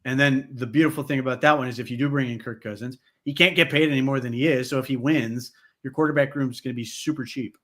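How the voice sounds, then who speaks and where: A man's voice: medium pitch, fairly even intonation, quick pace, few pauses, fairly bright tone. A man co-hosting a sports podcast, talking casually with lots of "like" and "you know". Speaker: podcast co-host.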